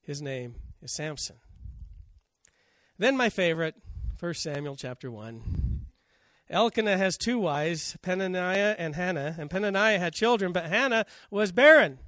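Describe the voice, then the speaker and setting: A man's voice: high-pitched, animated, moderate pace, a bit bright, no echo, studio quality. A man preaching a sermon, telling scripture stories and acting out the quotes. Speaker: pastor.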